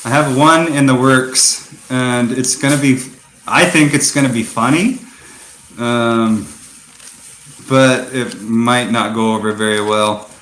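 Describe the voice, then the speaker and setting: A middle-aged man talks in an unhurried, rambling drawl, joking about himself with dry sarcasm. He is vlogging outside at night in a quiet rural spot, with crickets and a faint hiss of night air around him. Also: mid-range voice, fairly even intonation. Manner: slow, rambling, self-mocking sarcastic talk. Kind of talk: casual night-time vlog. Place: outdoors at night in a rural yard.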